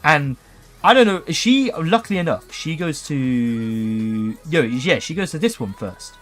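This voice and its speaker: A man's voice: on the high side, expressive, measured pace, faint music behind. A man telling a cheeky story on a livestream, keeps checking in with "okay?". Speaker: streamer.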